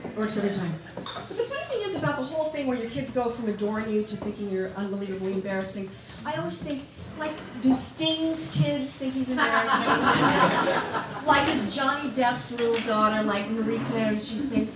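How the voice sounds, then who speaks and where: A middle-aged woman with a fairly high voice that swoops up and down, chatting through a self-mocking stand-up set. She is picked up from across a reverberant club room. Loud audience laughter fills the background. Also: expressive, a little slow, very noisy. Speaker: stand-up comedian. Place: comedy club stage with audience. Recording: echoey club, distant mic, loud audience.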